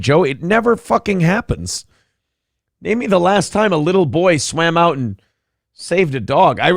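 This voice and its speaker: A man hosting a morning show, ranting loudly in a mocking, sarcastic way. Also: on the high side, creaky, no echo, clean studio sound. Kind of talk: comedic political rant.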